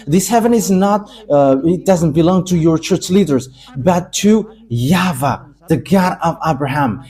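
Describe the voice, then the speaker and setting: Male preacher, emphatic sermon delivery, mellow dark tone. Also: fairly high pitch, breathy edge. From Madagascar. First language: Malagasy.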